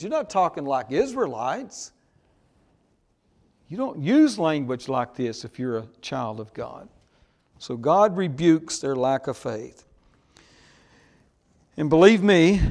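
A man preaching a sermon slowly and emphatically, pausing to ask his congregation "Amen?". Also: a little high, a little mellow. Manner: slow, emphatic preaching with call-and-response "Amen?". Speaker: pastor.

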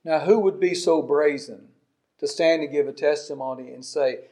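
A man in his sixties preaching a sermon, emphatic, with soft asides and loud stresses. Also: on the high side, expressive, moderate pace, creaky. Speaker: pastor.

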